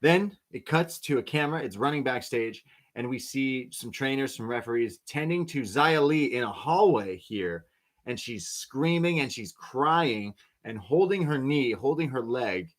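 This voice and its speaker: A man co-hosting a podcast, telling wrestling stories in a lively, laughing way. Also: medium pitch, measured pace. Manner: animated storyteller, laughs often. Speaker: podcast co-host. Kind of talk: casual wrestling recap chat.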